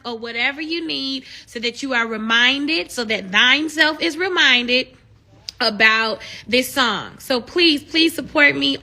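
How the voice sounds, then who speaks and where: High, bright preachy woman. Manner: animated, preachy, swells into excited shouts. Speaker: live streamer encouraging viewers. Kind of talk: casual live-stream talk with preaching.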